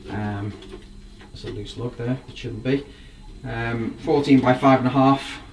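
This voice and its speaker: A man's voice: medium pitch, steady tone, measured pace. A man, a drum collector, casually showing off his gear with rambling enthusiasm. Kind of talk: casual show-and-tell. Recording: voice from a distance, faint background noise.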